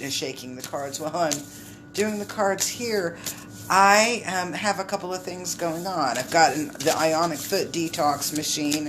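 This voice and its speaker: A woman's voice: low voice, background noise. Chatty woman doing a live card reading. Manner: chatty, rambling, greets viewers mid-talk. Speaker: intuitive card reader.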